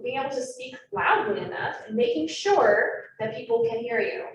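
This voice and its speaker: Fairly high-pitched and animated, a young adult woman delivers a fast, chatty, self-aware naturalist training presentation to trainees. The setting is a meeting room with live and online audiences, and the distant mic captures echo and faint noise.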